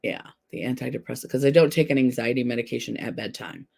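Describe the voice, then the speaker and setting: Recorded at home, a woman hosts a casual live stream, chatting candidly and answering viewers directly as she reads their comments. Her voice is rumbling low, creaky, husky and a little mellow, and she talks at a quick pace.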